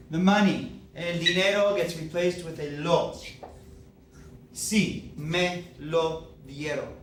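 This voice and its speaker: A man teaches Spanish grammar at a board, patient and methodical, often pausing to ask okay or right. His voice sits a little high. He is recorded from across an echoey classroom with a faint hum of room ambience. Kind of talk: explaining grammar at a whiteboard. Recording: echoey classroom, mic at a distance.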